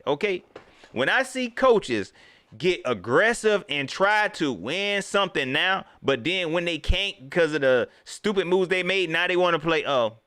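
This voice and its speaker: A man rants as a sports fan host on a livestream, his fairly high voice leaping from loud exclamations to low mutters. He talks in loose colloquial speech and mocks coaches in put-on voices. The sound is close and dry. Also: no room sound. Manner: animated, swinging between loud outbursts and low mutters; Southern colloquial speech, mocking impressions of coaches. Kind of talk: casual fan commentary to a livestream.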